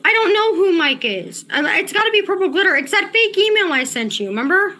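A woman's voice: extremely high pitch, big pitch swings, brisk, pushed and bright. A woman livestreaming and talking to her chat, agitated and profane, often repeating herself. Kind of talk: casual livestream chat, reading chat.

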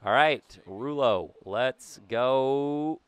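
A young man from Southern California giving casual, jokey commentary over a baseball video game, breaking into yelps and shouts. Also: mid-range voice, very slow, clear, resonant tone. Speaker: gaming YouTuber.

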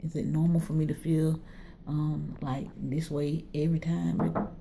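Lady talking to her phone in a waiting room, low and a bit gravelly, jittery and laughy. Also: flat delivery, measured pace, very noisy. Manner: nervous, laughing between phrases. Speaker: vlogger. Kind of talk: casual vlog chat.

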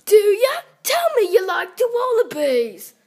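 A girl voicing a pushy female singer who loudly and insistently repeats one question. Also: sits high, fairly even intonation, fairly quick, lightly acted. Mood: pushy, shouting. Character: pushy shouting wallaby-obsessed female singer.

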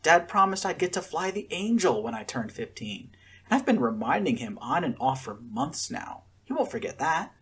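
A man's voice: a little high, very animated, moderate pace, a bit bright, husky, pitched above the performer's own voice, full character voice. A man voicing a blunt, sardonic fourteen-year-old girl in a storybook.

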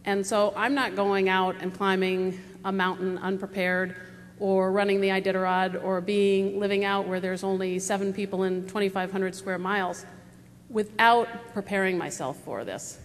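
A woman's voice: medium pitch, steady tone, normal speed. A woman in her forties from the United States, speaking as a panelist at a live forum, telling stories in a rambling, conversational way full of fillers. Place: large auditorium stage. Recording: long hall reverb, faint noise.

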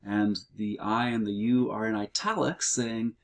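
A middle-aged male teacher takes a homework walkthrough at an unhurried pace. His fairly low voice has a gravelly, creaky edge, and he explains carefully, with the odd filler. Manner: slow, measured explaining with fillers. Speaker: Greek teacher. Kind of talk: recorded homework walkthrough lesson.

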